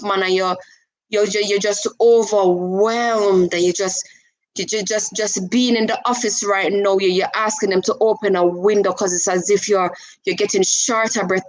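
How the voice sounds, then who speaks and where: A woman hosts a casual live stream, talking to a caller in an animated, coaxing way. She slips easily into patois phrasing between plain advice. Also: medium pitch, rough recording.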